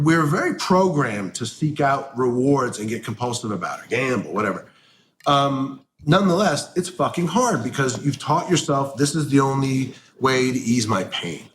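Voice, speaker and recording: Guy cursing a lot, blunt and heated, mid voice, a bit of background hiss. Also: mid-range voice. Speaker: interview guest. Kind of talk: candid conversation.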